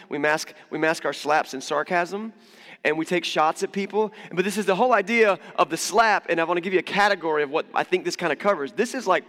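Male pastor, higher-pitched voice, chatty and humorous sermon delivery, reverberant church hall. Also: a bit bright. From United States. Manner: conversational, humorous, with frequent asides and restarts.

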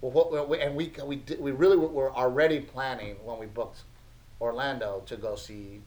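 A man's voice: mid-range voice, steady tone, normal speed, a little mellow, low-quality recording. A man in his thirties, a podcast co-host, telling family stories in a casual chat, laughing often and acting out his son's lines.

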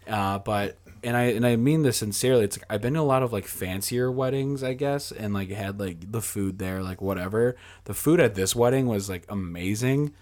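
Young dude rambling thru a story on a podcast, lots of "like", does the voices of people, swears a bunch. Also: male voice, lowish voice, normal speed, hardly any pauses, darkish tone. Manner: rambling, filler-heavy, acts out quoted dialogue, swears freely. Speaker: podcast guest. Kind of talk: casual storytelling chat.

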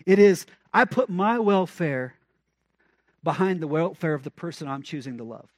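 A pastor preaching a conversational sermon, with emphatic repeated refrains and rhetorical questions. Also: male voice, a little high, lively intonation, normal speed, no echo.

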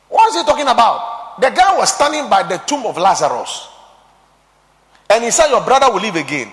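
A man preaching a sermon, quoting scripture, swinging between shouted emphasis and hushed, low passages. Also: very animated, a little fast. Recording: long hall reverb.

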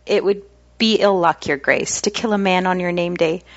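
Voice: medium pitch, moderate pace, no echo, natural voice. A woman reading aloud as a frightened young noble girl, pleading and desperate, on a slightly dull lo-fi recording.

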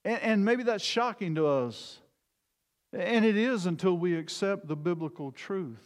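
A man's voice: sits high, a little slow. A male pastor preaching a sermon in an earnest, emphatic way, often repeating words as he goes. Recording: long reverb of a large hall.

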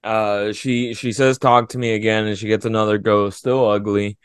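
A man's voice: on the low side, flat delivery, normal speed, clear, resonant tone, no room sound. Blunt man on a dry mic. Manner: blunt and crude. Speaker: podcast co-host. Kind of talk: casual movie chat.

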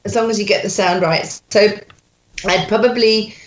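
A woman coaching a learner line by line, patiently repeating words slowly for him to copy. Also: medium pitch, fairly even intonation. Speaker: dialect coach.

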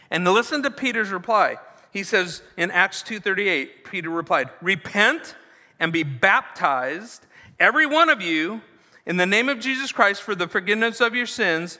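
Bright-voiced male pastor preaching in a hall. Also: high voice, moderate pace. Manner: animated, conversational, frequent "right?" asides. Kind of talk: sermon.

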